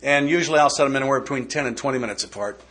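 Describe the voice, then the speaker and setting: Casting note: a folksy, joking man leading a step study, bright and forceful voice, mid pitch. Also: very fast, slightly rough. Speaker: workshop speaker. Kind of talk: recovery step study talk.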